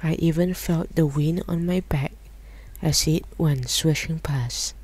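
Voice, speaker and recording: A woman's voice: deep voice, a little slow, a little mellow, husky. A woman reading the lines of a timid, fretful earthworm who pleads and complains. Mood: pleading.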